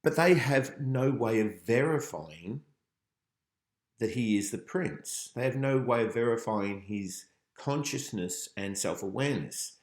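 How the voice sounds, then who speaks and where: A man teaching philosophy in a relaxed revision lecture, thinking aloud with frequent ums. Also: medium pitch, measured pace. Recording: roomy echo.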